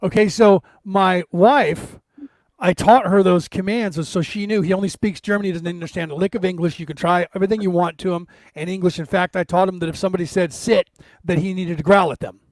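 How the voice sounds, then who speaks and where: A man co-hosting a podcast over a video call, telling an anecdote in a lively way and acting out the people in it. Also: high voice, brisk, no echo. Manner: animated storyteller, acts out quotes. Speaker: podcast co-host. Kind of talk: casual storytelling chat.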